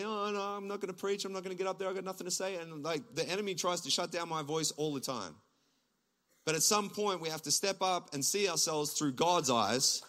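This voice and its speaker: An Australian man, a pastor, preaching a lively sermon from a church stage, his voice climbing to near-shouts. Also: on the high side. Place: church stage before a congregation.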